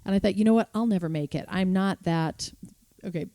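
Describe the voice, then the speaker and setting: A woman's voice: mid-range voice, fairly quick, dry recording. Upbeat woman telling her story. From Chicago, USA. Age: 50s. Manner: enthusiastic, storytelling, animated asides. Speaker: magazine founder and guest. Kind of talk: conversational interview. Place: conference room.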